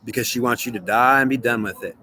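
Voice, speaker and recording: Guy in a solo vlog going back and forth with himself, pleading, keeps repeating, sharp bright tone. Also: medium pitch, fast talker, a little hiss or hum. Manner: earnest, pleading, repetitive. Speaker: vlogger. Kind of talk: solo monologue, arguing with himself in two voices.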